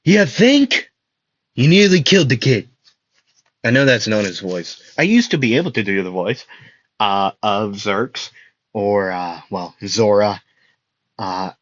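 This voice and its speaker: A man's voice: lowish voice, lively intonation, measured pace, a bit bright, dry recording, muffled recording. A young man telling a fan story in a casual, rambling, jokey way, often stopping to correct himself.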